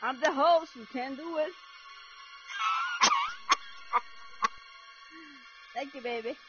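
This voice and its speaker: A woman hosting a live gaming stream, excitable and loud, swearing and thanking viewers as she plays. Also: high voice, a little fast. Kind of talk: casual live-stream chat while gaming. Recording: dull lo-fi stream audio with music behind.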